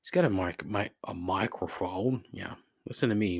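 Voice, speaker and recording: A man with a low, husky voice delivers a sarcastic, profanity-laced solo podcast rant. His pitch leaps up and down as his exasperation builds. The sound is dry and close to the mic. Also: lively intonation, normal speed, hardly any pauses, no room sound. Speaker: podcast host.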